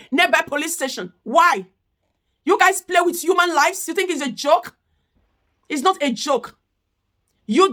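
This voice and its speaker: Woman vlogger, high voice, indignant rant full of rhetorical questions. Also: bright, forceful tone. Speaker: commentary vlogger. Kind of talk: impassioned commentary rant.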